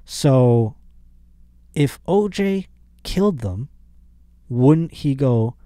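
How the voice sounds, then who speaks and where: A male podcast host talking in a loose, joking monologue. He rambles, restarts and drops sarcastic asides. His voice sits at an ordinary pitch, recorded dry and close. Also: lively intonation, a little slow, long pauses, dark tone, no echo. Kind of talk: casual comedic monologue.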